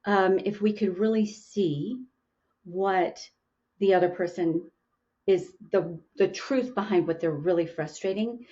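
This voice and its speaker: A woman's voice: medium pitch, a little slow, dark tone, muffled recording. A woman hosting an interview podcast, musing aloud in casual chat with frequent restarts. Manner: musing, with many restarts and fillers. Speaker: podcast host.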